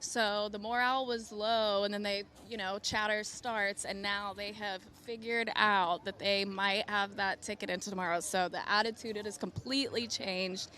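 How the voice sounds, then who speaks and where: A woman's voice: medium pitch, steady tone, moderate pace, hardly any pauses, sharp tone, a little hiss or hum. Upbeat female sideline reporter.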